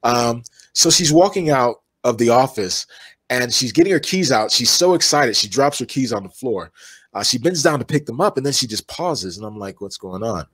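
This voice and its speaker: A man's voice: medium pitch, expressive, moderate pace, a bit bright, breathy edge, no echo. Rambling man telling stories, dry sound. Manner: rambling storyteller with many fillers and restarts. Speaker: energy healer, interview guest. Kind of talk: relaxed conversational interview.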